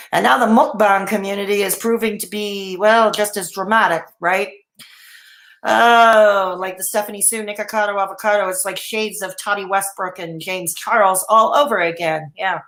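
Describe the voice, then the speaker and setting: A woman's voice: mid-range voice, fairly bright tone, echoey room. A woman hosting a casual live stream, chatting and answering viewer comments with many fillers and restarts, while she has the hiccups. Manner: rambling, frequent fillers and restarts.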